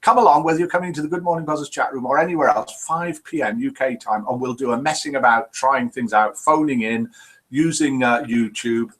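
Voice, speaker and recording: A man's voice: medium pitch, a little fast, fairly bright tone. A man hosting a casual live online chat show, reading out viewers' messages in a chatty manner. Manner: chatty, reads viewers' comments aloud. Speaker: host of an online chat show for over-50s.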